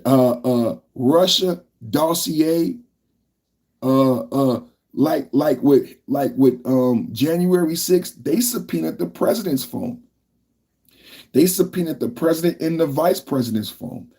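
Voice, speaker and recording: A man's voice: a little high, takes it slowly, a little mellow, husky. A man hosting a political podcast livestream, ranting in a loose, repetitive way and talking to his chat. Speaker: podcast host.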